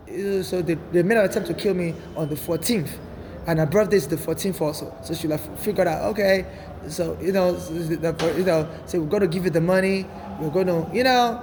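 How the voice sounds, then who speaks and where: A man in his forties with a high-pitched voice speaks in an urgent, rambling monologue, circling back and repeating himself. Faint noise from the city sits behind him. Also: a little mellow. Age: 40s. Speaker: vlogger. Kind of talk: agitated personal monologue. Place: city streets and transit.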